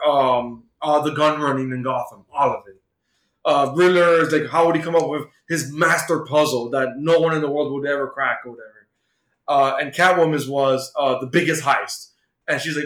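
Podcast co-host, male, higher-pitched, rambling casual retelling, roomy echo. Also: a bit bright. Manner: rambling, many fillers like "like" and "uh". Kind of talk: casual chat retelling a comic plot.

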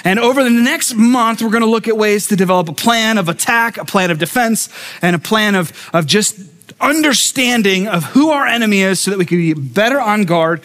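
A man's voice: high voice, lively intonation, fairly quick, a bit bright. A man, a pastor, preaching a conversational sermon to a live congregation and asking them questions as he goes. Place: church sanctuary with a live congregation.

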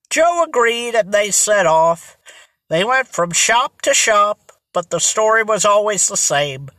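Storybook narrator, bright tone, dry close sound, unhurried. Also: mid-range voice, expressive, no room sound. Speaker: audiobook narrator. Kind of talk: scripted narration.

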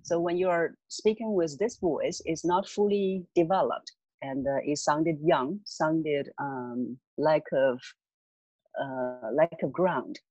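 A voice coach calmly and patiently explaining voice techniques as an interview guest. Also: mid-range voice, slow, no room sound, muffled recording. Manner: calm, patient, instructive.

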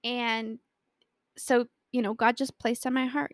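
A woman's voice: fairly high pitch, little pitch movement, measured pace, dry recording. A young woman giving a personal faith talk, telling a story animatedly and acting out the quotes. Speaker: Christian speaker.

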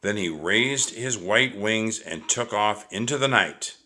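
A man narrating a children's book aloud in a slow, measured, expressive way. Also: on the low side.

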